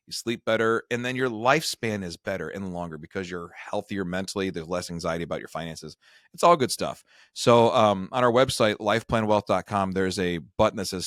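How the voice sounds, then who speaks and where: A middle-aged man with a fairly low voice tells a rambling, self-deprecating story in easy conversation. He hosts a retirement advice show. The sound is dry and close. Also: fairly bright tone, dry recording. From Michigan. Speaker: retirement advisor and show host. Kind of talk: casual storytelling chat.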